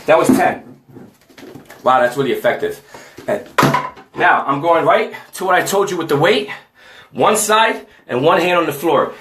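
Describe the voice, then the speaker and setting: A man's voice: a little high, a bit bright, roomy sound. A man in a casual home workout vlog, out of breath and chatty, talking to the camera and to a friend. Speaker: fitness vlogger.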